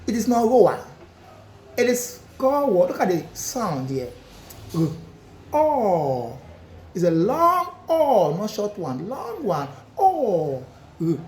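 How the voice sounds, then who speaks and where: Woman phonics teacher, slow drilling delivery, lively pitch, low-ish voice, echoey room. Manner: slow, drilling sounds with repeated examples. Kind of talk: phonics lesson.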